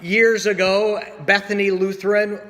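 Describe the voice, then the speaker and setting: Slow-spoken pastor preaching in a reverberant church. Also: male voice, sits high, level tone, a bit bright. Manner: storytelling with acted quotes, slow pauses. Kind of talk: sermon. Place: church sanctuary.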